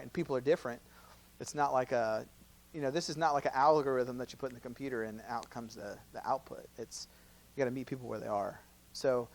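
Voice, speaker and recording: Gravelly-voiced man teaching a church class. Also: mid-range voice, poor audio. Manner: conversational, laughs often, acts out both sides of dialogues. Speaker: campus minister. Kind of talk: teaching Q&A session. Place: church hall.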